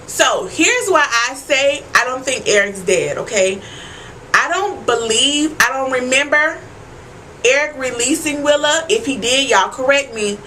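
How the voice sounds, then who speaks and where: A woman's voice: sits high, expressive, measured pace, sharp tone, slight background noise. A young woman giving a casual, profane episode recap, talking straight to her viewers and often asking "you know what I'm saying". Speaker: TV recap vlogger.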